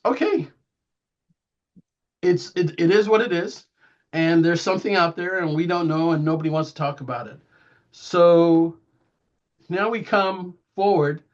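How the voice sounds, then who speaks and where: A middle-aged man giving a guest talk, telling an anecdote with lively delivery and acting out the dialogue in shifting voices, chuckling as he goes. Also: fairly high pitch. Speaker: guest speaker. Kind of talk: anecdotal talk to a live audience. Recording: dull lo-fi recording.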